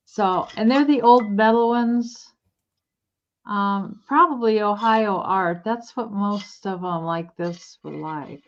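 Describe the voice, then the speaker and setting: A woman's voice: mid-range voice, fairly bright tone, lo-fi sound. A woman co-hosting a live online vintage sale, chatting and telling rambling stories about her items. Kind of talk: casual live sale chat.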